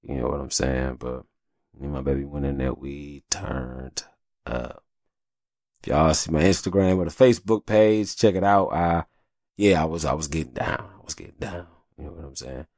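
A man's voice: very deep voice, moderate pace, darkish tone, no room sound, clean studio sound. A man hosting his own podcast, telling stories in a loose, profane, chatty way and often asking "you know what I'm saying". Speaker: podcast host. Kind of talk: casual storytelling monologue.

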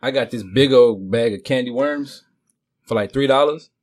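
A man's voice: mid-range voice, moderate pace. A man telling rambling stories in a casual group conversation. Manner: animated, rambling storyteller.

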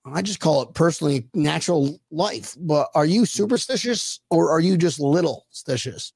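Guy hosting a laid back chat, cracks jokes, swears, trips over his words, pitch jumps all over. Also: lively intonation, normal speed, gravelly, a little mellow, husky, no echo. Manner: joking, swears, stammering restarts. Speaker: podcast host. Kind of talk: casual chat.

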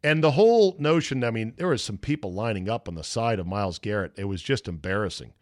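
A man's voice: on the low side, animated, fast, dry recording, studio quality. A man hosting a solo sports podcast, blunt and profane, mocking the takes he quotes. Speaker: podcast host. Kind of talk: opinionated solo sports talk.

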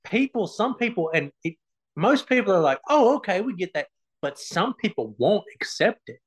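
Appearing as a guest on a podcast, this online comedian speaks in a high, slightly rough, very animated voice at normal speed. He laughs through his casual stories about fans and swears freely.

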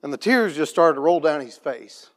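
A man's voice: on the high side, lively intonation, moderate pace, a bit bright. Plain-spoken man telling a church testimony. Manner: plain-spoken, frequent restarts, clears his throat often. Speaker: farm operator sharing a church mission story.

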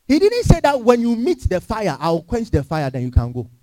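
Lively high-voiced pastor preaching. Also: male voice, normal speed, no echo. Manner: emphatic preaching with rhetorical questions to the congregation. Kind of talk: sermon. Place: church.

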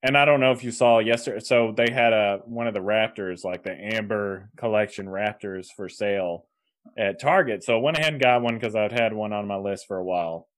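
A man's voice: lowish voice, a little fast. A man co-hosting a podcast in casual chat, rambling with restarts and laughing mid-sentence. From Kansas. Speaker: podcast co-host.

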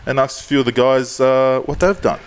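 A man's voice: medium pitch, fairly quick, clean tone. A man co-hosting a podcast, reading joke news and teasing his co-host, laughing often.

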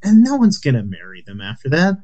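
A man's voice: medium pitch, huge pitch swings, fairly quick, warm tone, highs cut off. A man co-hosting a podcast in crude, rambling casual chat, blunt and full of swearing and fillers. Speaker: podcast co-host.

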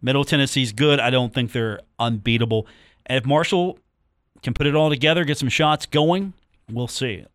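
The host of a sports talk radio show, a man with a medium-pitched, slightly bright voice, talks at a normal speed. Chatty and joking, he repeats phone numbers and catchphrases with listeners between game talk, recorded in a radio studio on a studio microphone with studio quality and no echo.

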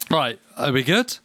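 Giggly, sweary podcast host. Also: male voice, on the high side, a bit bright, husky, no room sound. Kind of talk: casual banter.

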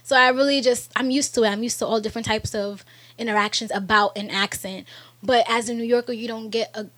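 A woman with a New York accent chats in a fairly high voice. She talks emphatically and teases. Her delivery is lively and opinionated. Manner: animated, emphatic, quick to tease. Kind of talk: casual chat.

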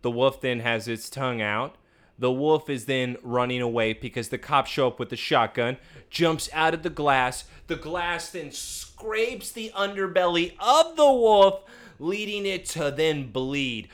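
A man's voice: a little high, animated, a little slow, fairly bright tone. A man co-hosting a casual podcast, recapping a TV episode and insistently arguing his theories. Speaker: podcast co-host.

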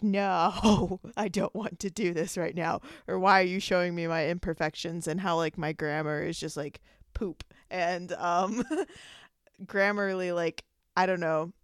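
A woman's voice: lowish voice, clear, resonant tone, dry recording, studio quality. A young woman hosting her own podcast, talking casually and rambling, with lots of "like" fillers. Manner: chatty, rambling, many fillers like "like". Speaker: podcast host. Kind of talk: casual solo podcast monologue.

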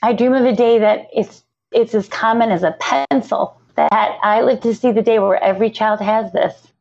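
A middle-aged woman, founder of a literacy nonprofit, speaking earnestly and tearfully with halting restarts in a podcast interview. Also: on the high side, steady tone, darkish tone. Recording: slightly dull lo-fi audio.

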